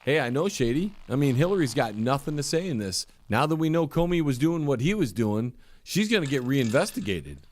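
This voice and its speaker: A middle-aged man hosting a comedy call-in radio show in a brisk, wry manner. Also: medium pitch, sing-song, darkish tone.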